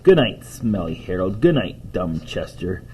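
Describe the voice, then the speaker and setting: A man voicing a sulky, sarcastic older boy while reading a storybook aloud, in a husky voice. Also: low voice, very animated, a little slow, mellow, slight background noise, heavily acted. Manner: complaining, sarcastic.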